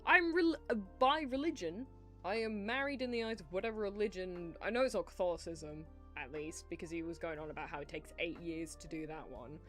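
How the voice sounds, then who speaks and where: A woman's voice: on the low side, a little fast. Young female streamer, rambling and giggly, casual swearing, faint music underneath. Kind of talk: casual livestream chat while drawing.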